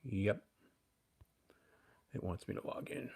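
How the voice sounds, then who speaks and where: A man in his fifties runs a casual livestream and chats loosely with his viewers. His voice sits a bit low, and he often mutters to himself as he goes. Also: lively intonation, normal speed. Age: 50s. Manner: rambling, chatty, talks to viewers and himself. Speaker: livestream host.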